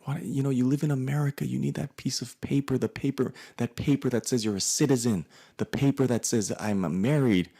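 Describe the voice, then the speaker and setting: A man puts on a nagging elderly mother who badgers her son again and again. The voice rises well above his own low register but keeps its rough, gravelly texture. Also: fairly quick, few pauses, mellow. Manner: repetitive, pleading nag.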